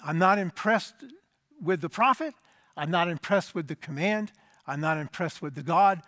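A man preaching a sermon, explaining a scripture passage emphatically and dropping to a low, quiet voice at the end of phrases. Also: expressive, normal speed, no room sound, studio quality.

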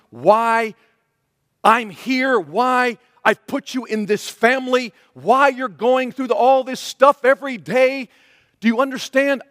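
A man's voice: very high voice, fairly bright tone, no echo, studio quality, in a large hall. A man voicing a tender, pleading divine speaker in the middle of a sermon.

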